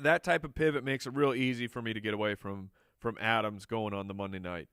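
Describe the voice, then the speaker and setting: A fantasy football analyst answers viewer questions on a casual live Q&A show, playful and chatty, joking with the crew and laughing often. His medium-pitched voice is bright and forceful, quick with hardly any pauses and fairly even intonation. The recording is dry and studio-quality.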